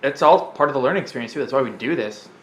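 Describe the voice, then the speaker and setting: A man in casual chat, calmly explaining his sparring technique while watching the video, with some swearing. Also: medium pitch, rapid-fire. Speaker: co-host, sparring partner. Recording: roomy echo.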